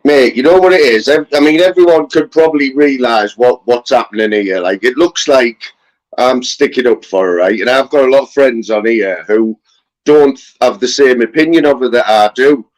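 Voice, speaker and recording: A man's voice: medium pitch, moderate pace, rough recording. Earnest man chatting. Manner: earnest, repeats "you know what I mean". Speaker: fellow streamer. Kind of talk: casual live-stream chat.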